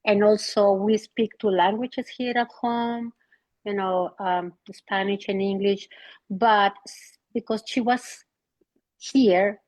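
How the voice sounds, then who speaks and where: A woman's voice: medium pitch, steady tone, slow, a little mellow, no echo, poor audio. A middle-aged woman, a parent, earnestly asking for advice over a video call, hesitant and apologetic. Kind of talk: casual question on a video call.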